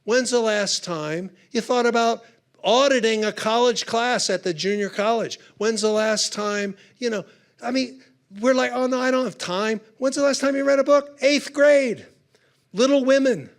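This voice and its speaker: A man's voice: very high-pitched, a little slow. A man speaking at a conference, telling humorous stories in a chatty, conversational way with punchy asides. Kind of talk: humorous storytelling talk. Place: conference hall.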